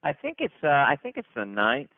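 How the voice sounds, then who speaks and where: A man hosting a company conference call, hyped and chatty, repeating himself and restarting sentences as he gives shout-outs. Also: mid-range voice, wildly swooping pitch, brisk, dry recording. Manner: hyped, repetitive, stumbling restarts. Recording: tinny dry phone line.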